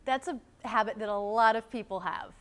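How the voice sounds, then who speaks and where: A woman hosting an interview about pronunciation, encouraging and quick with short affirmations. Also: a little high, fairly bright tone. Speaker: host of an English pronunciation channel. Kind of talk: friendly interview.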